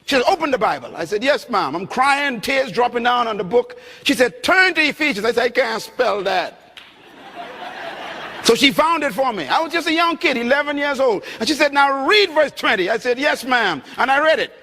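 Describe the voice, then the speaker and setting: A middle-aged man preaching a sermon from the Bahamas, emphatic, swinging between loud and soft passages. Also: extremely high pitch, animated, moderate pace. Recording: long hall reverb.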